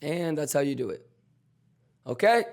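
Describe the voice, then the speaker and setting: A man hosting a trading livestream, loud and swaggering, swearing and chanting, his voice hoarse and almost gone. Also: on the high side, lively intonation, moderate pace. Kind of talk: hyped livestream chat. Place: home.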